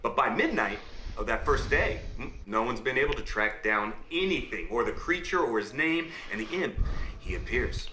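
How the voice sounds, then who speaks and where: A man acting a father in a game, telling a fairy tale as a bedtime story with quick asides to his listener. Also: medium pitch, big pitch swings, bright, forceful tone, reverberant, slight background noise, low-quality recording.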